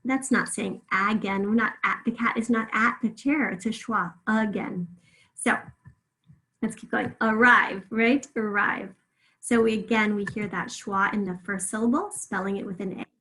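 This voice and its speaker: A woman teaching a remote phonics lesson, patiently drawing words out slowly so listeners can hear each sound. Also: medium pitch, fairly even intonation, a bit bright, poor audio.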